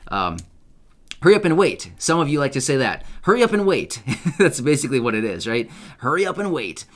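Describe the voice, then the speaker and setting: A man hosting an online news channel, talking casually and excitedly to his viewers and often checking for agreement. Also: medium pitch, a little fast. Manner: chatty, upbeat, asks viewers for agreement with repeated "right?"; loose, self-correcting delivery with fillers and restarts. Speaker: YouTube news host. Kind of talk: casual direct-to-camera commentary.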